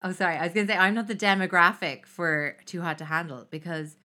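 A woman's voice: on the low side, steady tone, fast talker, bright, forceful tone. A young woman co-hosting a podcast, chatting in a wry, gossipy way. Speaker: podcast co-host. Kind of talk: casual chat.

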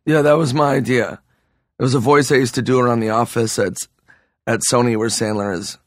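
A man's voice: mid-range voice, steady tone, a little fast, no echo, clean studio sound. A hungover man, a comedian guest, telling loose, profane stories in a casual podcast interview. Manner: loose, profane storytelling with restarts.

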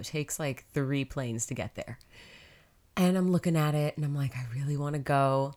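A woman hosting a podcast, upbeat and chatty, sounding stuffed up from a cold. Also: low-pitched. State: congested with a cold. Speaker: podcast host. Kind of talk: motivational podcast monologue.

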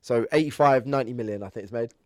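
A man chats on a film podcast and thinks out loud as he talks. He drops dry little jabs at his friends. He has a mid-pitched voice, recorded close and dry. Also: very fast, no room sound. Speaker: podcast co-host. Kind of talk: casual podcast chat.

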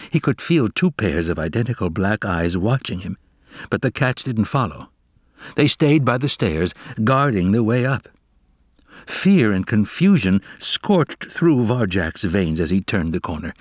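A man reading a children's novel aloud as narrator, with expressive, dramatic storytelling. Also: on the low side, no echo, clean studio sound.

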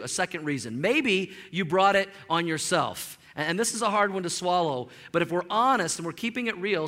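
A man's voice: sits high, bright, forceful tone, long reverb tail. A male pastor preaching a sermon in a church, telling a personal story and acting out the dialogue. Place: church sanctuary.

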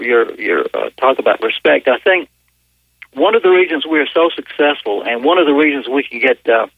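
A man's voice: mid-range voice, no room sound. A man from Louisiana with a Southern accent, talking casually as an interview guest in a hesitant way, over the phone. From Northwest Louisiana. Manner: hesitant, many fillers and restarts. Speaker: author and paranormal investigator guest. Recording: tinny phone line.

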